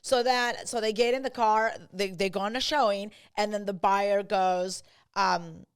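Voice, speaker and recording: A woman real estate agent hosting a casual podcast chat, mixing English with Spanish and acting out clients in quick quotes. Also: mid-range voice, clean tone. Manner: switches between English and Spanish; animated, acts out buyers and agents in quotes.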